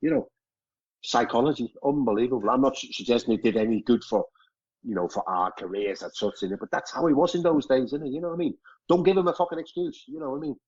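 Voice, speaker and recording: A man's voice: medium pitch, animated, fast, a little mellow, husky. A middle-aged man, a former footballer, telling anecdotes in casual chat, swearing freely and chuckling through his stories. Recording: dull lo-fi podcast audio.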